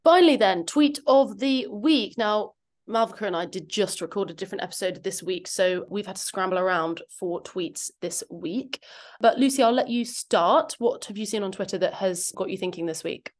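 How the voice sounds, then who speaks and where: Brisk woman podcast host. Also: mid-range voice. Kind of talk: casual chat.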